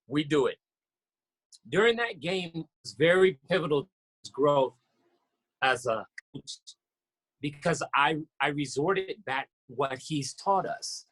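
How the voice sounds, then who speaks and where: Animated man telling a story, high voice. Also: unhurried, husky. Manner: animated, acts out quotes with sudden pitch jumps. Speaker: podcast guest, basketball coach. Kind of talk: storytelling in casual interview.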